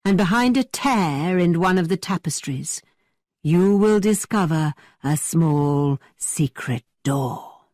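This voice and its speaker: A woman voicing a teasing young man who tells spooky tales in a dramatically low voice. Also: expressive, slow pace, dry recording, studio quality. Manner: dramatically low, hushed storytelling.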